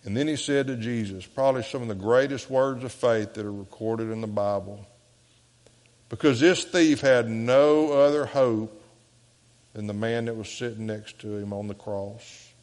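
Preaching in a church sanctuary with a big-room sound, a Southern US-accented pastor swings earnestly from loud appeals to quiet, slow quotations. His voice is lowish.

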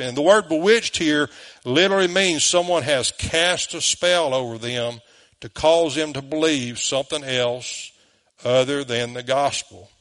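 A man's voice: a little high, a little slow, fairly bright tone. A man with a Southern US accent, preaching a sermon as pastor, emphatic and full of rhetorical questions, in a church.

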